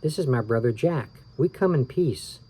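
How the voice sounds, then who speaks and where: A man's voice: medium pitch, lively intonation, normal speed, warm tone, husky, rough recording. A man voicing a cheerful, curious little girl in a children's book read-aloud, in a raised, eager voice.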